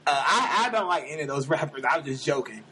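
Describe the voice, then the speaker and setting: A man hosting a casual hip-hop podcast, excitable and quick to laugh. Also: a little high, slight background noise. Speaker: podcast host.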